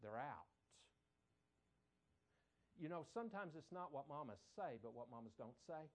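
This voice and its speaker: A man preaching a sermon, animated and emphatic, often repeating phrases for effect. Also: a little high, fast talker.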